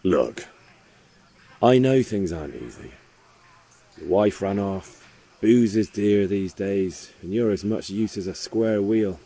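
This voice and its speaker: Firm young debt collector; low, mellow, no-nonsense delivery. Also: male voice, animated, slow pace, long pauses, breathy edge, exaggerated voice. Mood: reasoning. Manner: blunt, matter-of-fact.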